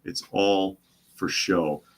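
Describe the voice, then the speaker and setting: A man's voice: sits low, steady tone, slow. A man hosting a casual news commentary show, sarcastic and often repeating his phrases for emphasis. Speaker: host.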